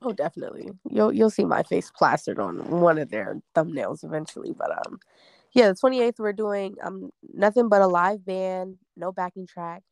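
A young woman with a gravelly, fry-edged voice talks about her music in a loose, blunt way. She swears freely and laughs often. The sound is close and dry. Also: fairly low pitch, expressive, normal speed, darkish tone, no room sound. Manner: blunt, laughing, slangy and emphatic. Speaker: singer promoting her debut EP. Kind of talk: casual interview chat.

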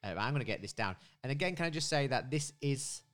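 British male podcast co-host, rapid, chatty, swears freely. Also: medium pitch, expressive, fairly bright tone. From United Kingdom. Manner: chatty, swearing, quick and giggly. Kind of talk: casual podcast banter. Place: home.

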